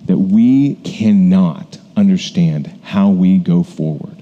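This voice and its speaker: A man's voice: low-pitched, slow, mellow, lo-fi sound. A man, a pastor, preaching a casual, conversational sermon full of asides and fillers.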